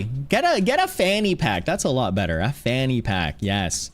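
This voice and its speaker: A man chatting casually on a livestream, rambling playfully, reading chat aloud and now and then breaking into loud, excited shouts. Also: medium pitch, moderate pace. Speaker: streamer. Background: faint background music.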